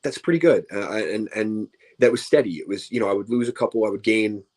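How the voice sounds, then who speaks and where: A man's voice: fairly low pitch, brisk, a little mellow. A man, a professional wrestler, chatting casually as an interview guest, tired and rambling with many restarts and fillers. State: tired, yawning.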